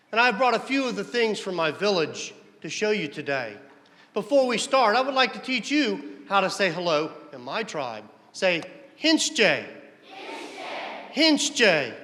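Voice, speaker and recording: A man's voice: high-pitched, sing-song, moderate pace, fairly bright tone. A man from Florida giving an educational talk to children, friendly and teasing, asking them questions. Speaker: visiting cultural presenter. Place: large indoor hall. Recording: long hall reverb.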